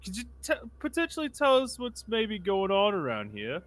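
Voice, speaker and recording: Man voicing a big friendly adventurer, bright lively voice, chatty, rambling, tabletop game. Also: sits high, moderate pace, a little hiss or hum, pitched above the performer's own voice, heavily acted.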